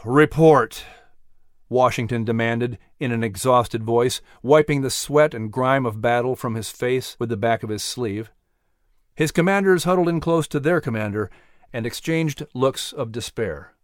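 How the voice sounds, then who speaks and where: A man reads a historical story aloud in a measured, dramatic way, like a scripted audio book. His pitch is middle for a man. The recording is dry and close, with no room sound. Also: no echo. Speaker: narrator.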